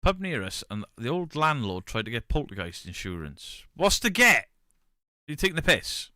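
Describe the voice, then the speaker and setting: A man's voice: medium pitch, very animated, fairly quick, no echo, studio quality. A man, streaming and bantering casually with his chat. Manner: banter, reads chat aloud, shouts mock pub-landlord bits.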